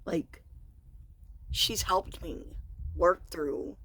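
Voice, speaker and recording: A woman vlogger frankly recounting a personal story in a confessional, halting way. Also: on the low side, fairly bright tone, a little hiss or hum.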